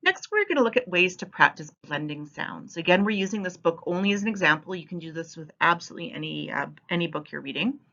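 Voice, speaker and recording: Expressive woman teacher, lively voice. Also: on the low side, fast, few pauses. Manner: clear, expressive teaching delivery. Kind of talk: instructional voice-over. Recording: slightly muffled recording.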